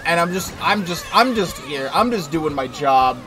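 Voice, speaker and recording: Streaming a racing game over its music, this man speaks at a normal speed in an animated voice on the high side. His casual commentary drifts into a meandering work anecdote, padded with fillers and a stray curse here and there.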